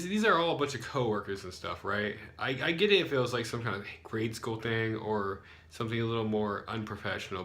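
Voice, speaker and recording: A man's voice: mid-range voice, a bit bright. A young American man, an English teacher, telling a story casually with lots of fillers and sarcastic asides. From United States.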